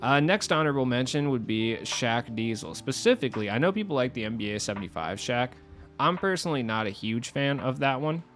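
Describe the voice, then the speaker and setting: A man's voice: medium pitch, expressive, fairly quick, a bit bright. A young man hosting a casual gaming video, chatty and self-deprecating, laughing at his own jokes. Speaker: gaming YouTuber host. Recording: faint music behind voice.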